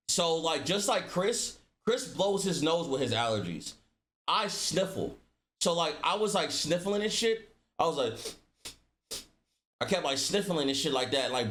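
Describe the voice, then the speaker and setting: A young man and streamer telling a casual story to his chat, loose and animated, heavy on slang and filler words, acting out what people said. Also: on the high side.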